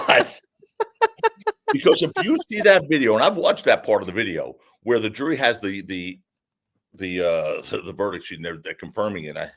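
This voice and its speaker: A man, a defense attorney, telling a story as a guest in a casual interview, in an animated, lively way. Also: low-pitched, creaky, slightly rough.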